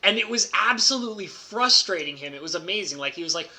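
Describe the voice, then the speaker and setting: A man with a strikingly bright, forward voice tells a casual story as a streamer. He talks excitably and leans heavily on "like" fillers, laughing as he goes. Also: high-pitched, fast. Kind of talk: casual storytelling about a card game.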